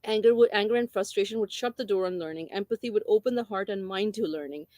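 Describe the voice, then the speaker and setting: Woman, parenting educator, mid pitch, conversational talk, repeats key phrases, dry close recording. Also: fast, a little mellow, no echo. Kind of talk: informal talk explaining a parenting book.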